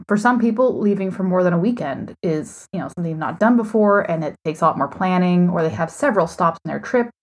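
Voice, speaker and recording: A woman co-hosting a relaxed podcast, her voice breathy and a little husky. She talks with a dry, sarcastic wit from a hotel room. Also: mid-range voice. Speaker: podcast co-host. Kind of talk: casual podcast chat.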